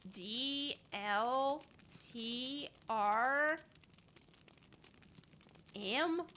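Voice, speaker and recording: A woman's voice: high-pitched, bright, forceful tone. A woman streaming a horror game, chatting casually and getting exasperated with the game as she talks to her chat. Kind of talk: casual let's-play commentary.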